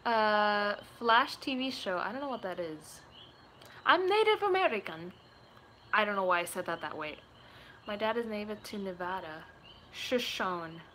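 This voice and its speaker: Bright-voiced chatty woman. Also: mid-range voice, normal speed, a little hiss or hum. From Puerto Rico. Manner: chatty, rambling, giggly. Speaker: gaming YouTuber. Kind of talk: casual chat answering viewer questions.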